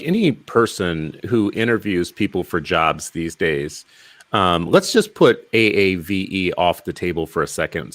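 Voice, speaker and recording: Low-voiced emphatic male host. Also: fairly bright tone, no room sound. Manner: emphatic, with rhetorical questions. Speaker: podcast host. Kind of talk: casual interview conversation.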